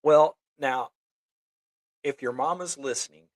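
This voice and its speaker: A man's voice: medium pitch, unhurried, no room sound. A man hosting a casual talk show, telling jokey anecdotes. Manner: joking, storytelling. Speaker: host. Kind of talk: casual podcast chat.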